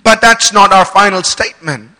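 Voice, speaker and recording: Bright-voiced man preaching in a reverberant hall. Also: high voice, normal speed. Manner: preaching with rising emphasis and call-and-response. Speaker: pastor. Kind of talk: sermon.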